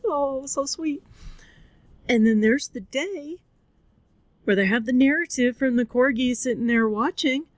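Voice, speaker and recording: A woman hosts her podcast and recaps a movie in a slow, unhurried way. She is openly tearful and candid, and she swears freely. The sound is dry and close, with no room echo. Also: medium pitch. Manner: candid and expressive, swears freely, acts out voices. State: tearful, crying. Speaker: podcast host. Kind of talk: casual storytelling, movie recap.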